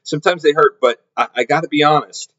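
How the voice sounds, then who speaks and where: This middle-aged podcaster talks fast in a fairly high, sharp-toned voice, rambling through a casual story and repeatedly restarting and repeating words. The lo-fi audio is slightly dull.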